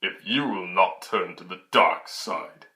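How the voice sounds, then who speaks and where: A man putting on the voice of a grim armored male dark lord, deep and slow. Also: exaggerated voice. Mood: grave. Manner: deep, slow, heavy delivery.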